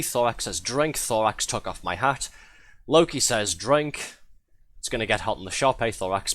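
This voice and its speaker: A man's voice: on the low side, lively intonation, brisk, fairly bright tone, slight background noise. A man doing live gameplay commentary, chatty and a bit flustered, laughing often as he reads out viewer messages. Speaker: streamer.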